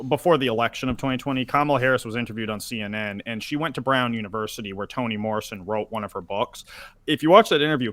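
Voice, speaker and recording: A man's voice: mid-range voice, fairly bright tone, dry recording. A man giving long, opinionated takes in a casual political chat, often restarting his sentences. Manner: opinionated, talks at length with restarts. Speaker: panel guest.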